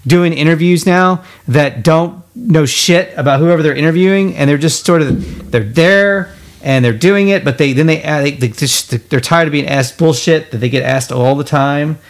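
Male podcast host, casual, jokey, slightly high voice. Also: moderate pace. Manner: joking, chatty, asks leading questions. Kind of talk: casual interview chat.

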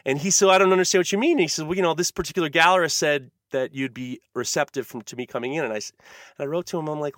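A man's voice: a little high, very fast, a bit bright, no echo, studio quality. A man hosting a casual podcast chat, ranting in a heated, profane way. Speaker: podcast host.

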